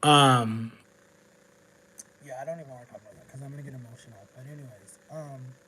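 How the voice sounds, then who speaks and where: A man's voice: medium pitch, rapid-fire, mellow, low-quality recording. A man vlogging in a casual livestream, rambling through an emotional story with lots of restarts.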